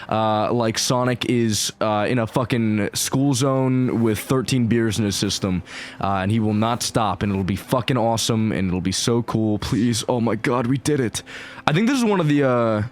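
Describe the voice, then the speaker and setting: A man giving casual, excitable gameplay commentary, rambling and swearing freely as he plays. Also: mid-range voice, normal speed, a little hiss or hum. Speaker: gaming YouTuber.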